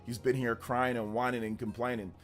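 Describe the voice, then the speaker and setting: A man's voice: medium pitch, flat delivery, brisk, faint music behind. A man hosting a casual livestream, ranting in exasperation about a troll and then apologizing. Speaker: livestream host.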